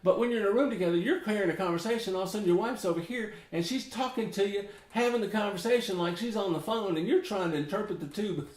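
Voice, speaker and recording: Southern US man, middle-aged, slightly high voice, rambling folksy ukulele teacher, echoey home room. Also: fast, hardly any pauses. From Memphis, Tennessee. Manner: rambling, folksy, chuckles often. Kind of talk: casual chatty tutorial. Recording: roomy echo.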